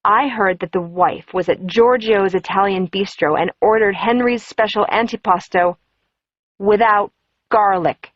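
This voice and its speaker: A woman's voice: medium pitch, a little slow, dry recording, natural voice. A woman voicing a nosy middle-aged travel agent who keeps prying eagerly for gossip. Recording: dull, muffled audio.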